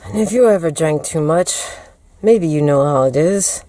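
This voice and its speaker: A woman's voice: sits low, normal speed, mellow. An American woman telling a personal story in a casual storytime vlog, acting out her own quotes. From United States. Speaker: storyteller vlogger.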